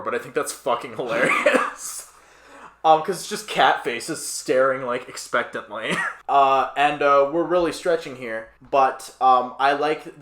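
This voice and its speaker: A young man co-hosting a podcast, rambling through film opinions with fillers, quick asides and easy laughs. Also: medium pitch, a bit bright. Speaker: podcast co-host. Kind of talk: casual film review chat. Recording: roomy echo.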